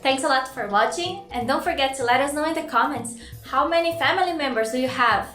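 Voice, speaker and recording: A woman's voice: high-pitched, bright, forceful tone, soft background music. Cheerful Brazilian woman teaching vocabulary. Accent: Brazilian Portuguese. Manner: cheerful, repeats each word slowly. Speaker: language teacher. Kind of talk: bilingual vocabulary lesson. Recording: echoey room with faint noise.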